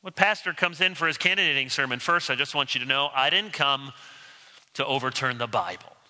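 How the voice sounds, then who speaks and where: A man's voice: medium pitch, brisk, pushed and bright, long reverb tail, low-quality recording. A man preaching a sermon as pastor from the pulpit, with wry rhetorical questions and mock-incredulous asides. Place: church sanctuary, speaking from pulpit.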